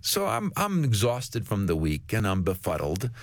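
Lively man telling a story. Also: fairly low pitch, moderate pace, no echo. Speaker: author and guest. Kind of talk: storytelling in a faith talk show.

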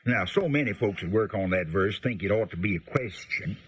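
Husky-voiced man teaching the Bible. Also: lowish voice, animated, highs cut off. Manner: folksy, unhurried, frequent filler pauses.

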